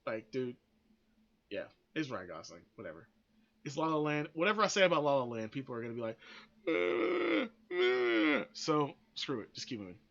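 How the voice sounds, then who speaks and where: This podcast host's mid-range voice swings widely in pitch, and he talks fast with a fairly bright tone on a lo-fi recording. He offers blunt, opinionated takes that ramble, restart often, and swear freely.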